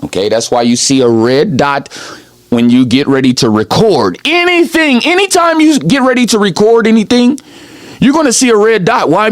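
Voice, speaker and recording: A self-styled preacher with a mid-range voice delivers a rambling, improvised sermon. He's emphatic and tacks "okay?" onto the end of his points.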